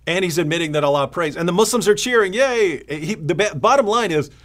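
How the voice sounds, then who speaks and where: Here a man with a high-sitting voice and quick pace co-hosts a casual live stream. He's an animated storyteller who imitates his opponents and plays out other people's lines.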